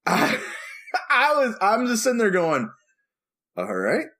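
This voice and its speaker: Animated bearded preacher telling a story. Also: male voice, very high voice, a little slow. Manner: animated, playful storyteller acting out dialogue. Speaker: podcast co-host, preacher. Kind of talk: casual storytelling chat.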